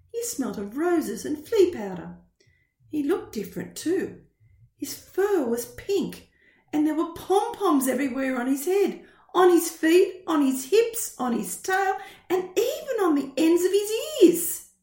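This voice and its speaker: A woman reading a children's picture book aloud in a slow, expressive storytelling style. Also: high-pitched. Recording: roomy echo.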